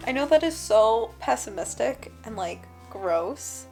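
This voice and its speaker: A young woman talks through her reading in a casual vlog, reacting with emotional exclamations. She speaks at an unhurried, drawn-out pace and sounds tired, with faint music underneath. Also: a little high, wildly swooping pitch. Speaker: book vlogger.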